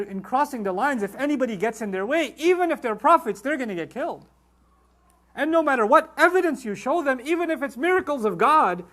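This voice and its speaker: A man giving a Quran lecture, animated, with emphatic outbursts, acted quotes and rapid Arabic recitation. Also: high-pitched. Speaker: Quran teacher.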